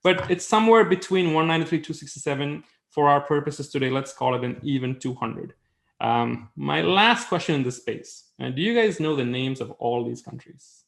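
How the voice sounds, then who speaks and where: A man's voice: on the high side, lively intonation, moderate pace, gravelly. A man presenting a webinar in a conversational way, with fillers and rhetorical questions.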